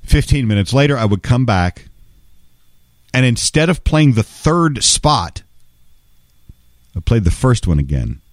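A man's voice: medium pitch, big pitch swings, unhurried, long pauses, no room sound, clean studio sound. A male voice-over artist telling a casual story in a wry, conversational way, with some salty language.

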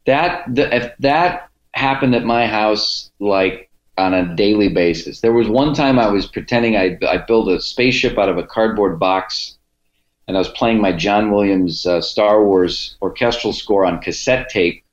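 A man's voice: on the low side, unhurried. Laid-back rambling man, echoey room. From Cleveland, United States. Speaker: podcaster and comedian guest. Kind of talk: casual interview chat. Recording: dull, echoey room sound.

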